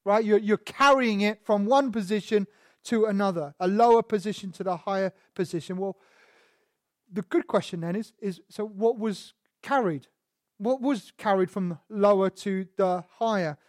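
A man's voice: sits high, moderate pace, no room sound, clean studio sound. A man preaching a sermon and explaining words one by one, asking rhetorical questions and stressing single words. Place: church sanctuary.

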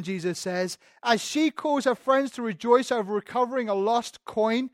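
A man's voice: extremely high pitch, expressive, moderate pace, few pauses, no echo, clean studio sound. A man preaching a sermon in a conversational way, building to emphatic rises. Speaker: pastor.

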